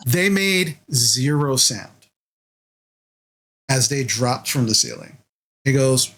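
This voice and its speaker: A man's voice: medium pitch, sing-song, slow pace, pauses often, fairly bright tone, low-quality recording. A man narrating as game master of a tabletop role-playing game, talking in a loose, rambling way full of fillers.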